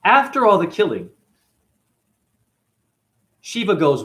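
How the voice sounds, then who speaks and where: A man teaches through a spiritual story, and his pitch leaps up and down. He keeps checking in with his listeners, and his delivery stays lively and conversational. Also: unhurried, pauses often. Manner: lively, asks the audience questions. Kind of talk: animated storytelling talk.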